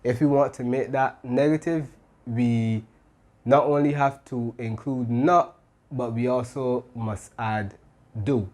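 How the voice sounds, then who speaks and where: A man's voice: medium pitch, darkish tone. A man teaching an English grammar lesson, explaining step by step and often checking in with "right?".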